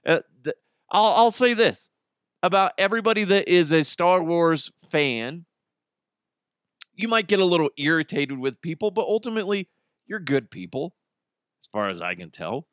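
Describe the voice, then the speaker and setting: A man's voice: fairly high pitch, animated, normal speed, pauses often, fairly bright tone, clear, resonant tone, no room sound, clean studio sound. A man hosting a casual solo podcast, joking and rambling, swearing freely and slipping into mocking voices. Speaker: podcast host.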